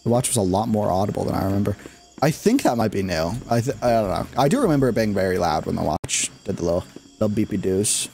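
A man's voice: lowish voice, animated, fast, vocal fry, a little mellow, a little hiss or hum. A man giving casual, rambling commentary while streaming a game, restarting his sentences and breaking into laughs.

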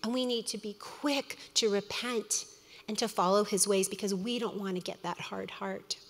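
A middle-aged woman teaching a women's Bible study, earnest and storytelling, with quick asides. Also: mid-range voice, steady tone. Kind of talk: sermon. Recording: long hall reverb.

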